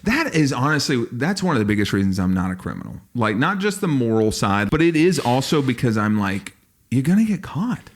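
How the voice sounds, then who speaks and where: A man's voice: medium pitch, very animated, fairly quick, few pauses. A young man co-hosting a comedy podcast, rambling through stories and acting out quotes. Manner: rambling storyteller, acts out quotes with big swings. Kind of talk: casual comedic chat.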